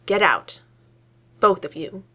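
A woman voicing a gruff, exasperated middle-aged male boss. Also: medium pitch, big pitch swings, slow, sharp tone, exaggerated voice.

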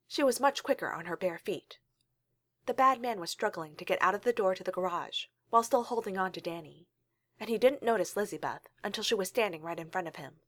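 A woman reading a story aloud in a calm, steady storytelling manner. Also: medium pitch, a little fast, no room sound. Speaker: reader.

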